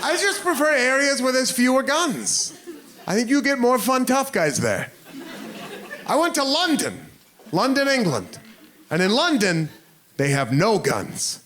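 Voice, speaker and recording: A man's voice: very high voice, sing-song, a little slow, fairly bright tone, some chatter behind. An American man doing stand-up storytelling with self-mocking asides, acting out his own panicked thoughts, on a comedy club stage into a handheld mic. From United States. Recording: noisy live club recording.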